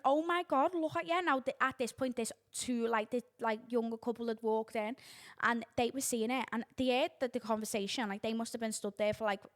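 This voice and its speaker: A young woman, hosting a podcast and telling a story in casual chat, animated and sweary, acting out the voices she quotes. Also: fairly high pitch. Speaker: podcast host.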